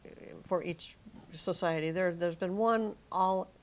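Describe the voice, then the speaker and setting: A woman's voice: on the low side, a little slow. A woman interviewer who chats easily, shares personal stories and laughs often. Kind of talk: interview conversation.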